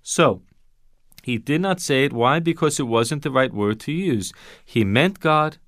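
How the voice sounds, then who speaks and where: A man's voice: medium pitch, animated, unhurried, a bit bright, dry recording, studio quality. A man teaching Bible Greek grammar in an emphatic way, asking rhetorical questions and repeating his key points.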